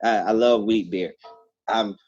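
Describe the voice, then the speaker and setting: A man's voice: lowish voice, fairly even intonation, unhurried, darkish tone, faint music behind. Chill farmer guy laughing a lot, repeats himself, kinda muffled lo-fi sound. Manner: easygoing, laughs often, stumbles and repeats words. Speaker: farmer and activist guest. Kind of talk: casual podcast chat. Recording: dull lo-fi sound.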